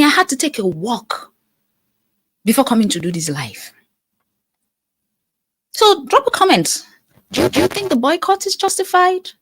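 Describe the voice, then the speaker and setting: A woman's voice: a little high, dry recording. A woman from Nigeria hosting a live stream, speaking earnestly and repeating phrases for emphasis as she answers viewer comments. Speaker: live-stream host, life coach.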